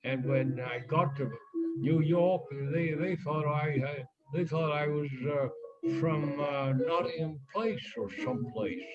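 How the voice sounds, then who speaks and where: Slow, hesitant older man on a call. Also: fairly high pitch, dull audio, over loud music. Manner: halting, many fillers and restarts. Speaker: interviewee. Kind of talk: casual reminiscing chat. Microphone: video call.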